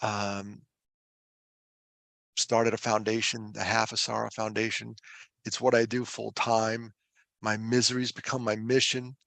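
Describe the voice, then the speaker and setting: A show regular who runs a suicide prevention foundation tells stories on a podcast with self-deprecating humor, turning earnest and emphatic to drive points home. His lowish voice is gravelly and fairly bright, level in tone, a little slow, with frequent pauses and no room sound.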